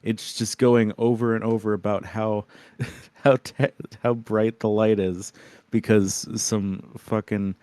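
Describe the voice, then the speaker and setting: A man co-hosting a casual podcast, talking haltingly with many fillers and restarts. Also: on the low side, flat delivery, a little mellow, no room sound. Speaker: podcast co-host. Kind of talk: casual group chat.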